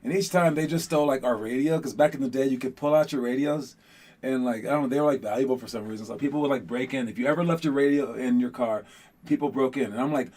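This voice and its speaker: A man hosting a casual motivational talk on a podcast, rambling and animated with lots of fillers, who grew up in Los Angeles. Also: mid-range voice, fast. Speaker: podcast host.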